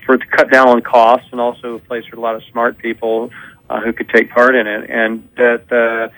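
A man's voice: mid-range voice, completely flat delivery, normal speed, fairly bright tone, no echo, poor audio. A man speaking as a podcast guest, hesitant with many fillers. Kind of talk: casual interview.

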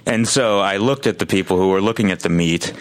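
A man's voice: deep voice, a little fast, rough recording. A young adult man co-hosting a casual comedy chat, cracking crude jokes and bursting into laughter. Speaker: podcast co-host.

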